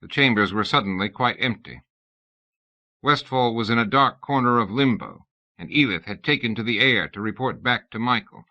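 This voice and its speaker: A man reading an audiobook in an expressive scripted narration. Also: mid-range voice, moderate pace. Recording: dull lo-fi audiobook tape from the 1990s.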